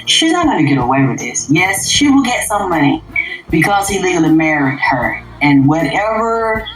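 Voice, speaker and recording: A low-pitched woman is ranting on a livestream, profane and emphatic. She drops into low mutters and then bursts out loud. Her voice bounces around an echoey room while faint music plays underneath. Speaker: livestream host. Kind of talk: unscripted livestream rant.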